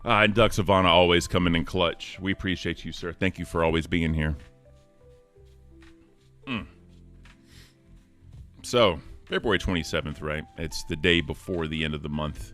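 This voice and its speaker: A man co-hosting a casual livestream chat in a deep voice, upbeat and thanking chat members by name. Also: normal speed, pauses often, fairly bright tone, soft background music. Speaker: co-host.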